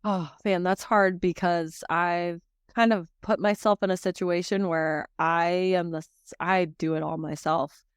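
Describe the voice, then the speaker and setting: A woman's voice: fairly low pitch, steady tone, unhurried, clear, resonant tone, no room sound, clean studio sound. A woman who runs a small dog treat business, talking as a podcast guest in an emotional, rambling way. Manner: warm-hearted, emotional, rambling with restarts. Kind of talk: casual conversational storytelling.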